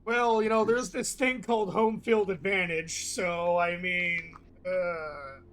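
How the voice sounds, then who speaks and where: High-voiced swearing man at the game table. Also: fairly even intonation, slow, a bit bright, slight background noise. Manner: swears a lot, stammers, laughs. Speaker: player. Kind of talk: casual tabletop game chat.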